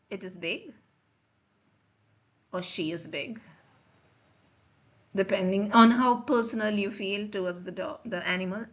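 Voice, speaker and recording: A woman teaching French in a recorded lecture, explaining slowly, repeating forms and checking that students follow. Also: mid-range voice, fairly bright tone. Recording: dull lo-fi recording.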